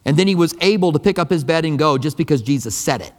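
A man's voice: on the high side, lively intonation, quick pace. A pastor preaching a sermon in a conversational, emphatic way, often repeating his key phrases. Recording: long reverb of a large hall.

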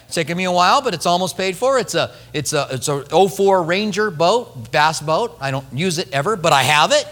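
A man's voice: sits high, pushed and bright. A man in his fifties preaching a sermon, chatty and joking with the congregation. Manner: conversational, joking asides to the congregation. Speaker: pastor. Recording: echoey hall reverb.

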